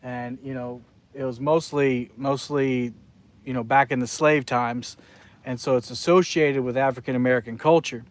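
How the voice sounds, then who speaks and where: A South Carolina man live streams while fishing outdoors by the water, chatting casually with viewers and rambling from one thought to the next. His voice is medium-pitched with fairly even intonation at a normal speed.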